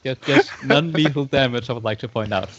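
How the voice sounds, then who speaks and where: Eager male player, dull lo-fi chat with steady hiss. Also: mid-range voice, fairly quick. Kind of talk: casual game chat.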